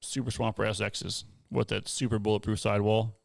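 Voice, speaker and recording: Gravelly-voiced man telling a trail story. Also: brisk, dry recording, clean studio sound. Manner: animated storyteller, acts out others in a high voice. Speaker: podcast host. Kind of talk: casual storytelling chat.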